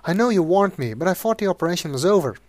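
A man doing a breathy, pleading young woman. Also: high-pitched, expressive, fast, voice pushed up.

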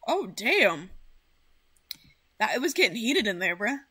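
A woman streamer chatting casually, excitable and full of swearing as she rambles. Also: medium pitch, unhurried, slight background noise. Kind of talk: casual livestream chat.

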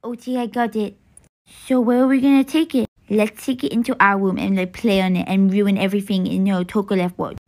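A woman's voice: medium pitch, fairly even intonation, fairly quick, close to an everyday voice. A woman doing an eager, mischievous little boy. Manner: eager, loud and pushy. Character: mischievous young boy twin. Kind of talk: voiced toy-game role-play.

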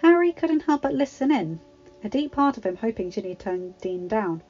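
A woman reading a fan-written story aloud in a steady, plain storytelling manner. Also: on the high side, moderate pace, faint music behind. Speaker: fanfiction reader. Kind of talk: audiobook narration. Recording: slightly dull home recording.

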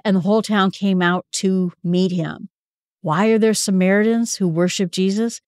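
A woman's voice: medium pitch, fairly even intonation, normal speed, darkish tone, dry recording, clean studio sound. Conversational woman teaching a Bible lesson. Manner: conversational, quotes figures in everyday speech.

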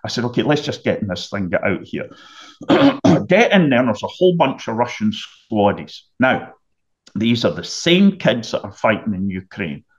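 A middle-aged man from the United Kingdom, a podcast guest telling a vivid story and often clearing his throat. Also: fairly low pitch, very animated, moderate pace, dull audio. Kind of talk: storytelling anecdote.

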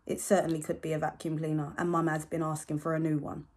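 A sardonic young narrator, played by a woman, tells a family tale in dry, grumbling asides. The voice sits a little low and has a husky grain. It is a solo stage monologue. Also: little pitch movement, fast talker, darkish tone. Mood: wry. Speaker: stage actor.

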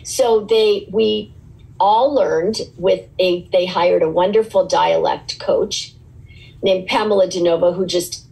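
A woman's voice: fairly low pitch, steady tone, takes it slowly, vocal fry, dark tone, poor audio. A woman in her sixties, a guest in an interview, recalling past work in a chatty, rambling way with frequent restarts. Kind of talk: relaxed interview recollection.

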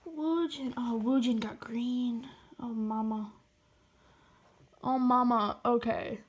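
A woman's voice: fairly high pitch, takes it slowly. A young woman gushing through an unboxing vlog, often dropping to a whisper. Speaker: vlogger.

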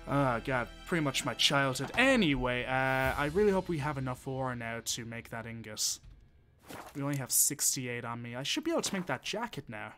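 A man's voice: medium pitch, sing-song, moderate pace, bright, forceful tone, soft background music. A man, chatting and swearing casually as he thinks aloud while playing a game on stream. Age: 20s. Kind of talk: casual gameplay commentary.

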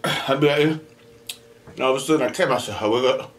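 Casual storytelling over a meal: a young mukbang host at home talks fast in a mid-range voice, slight background noise audible. He's animated, laughs often, and acts out what other people said between bites.

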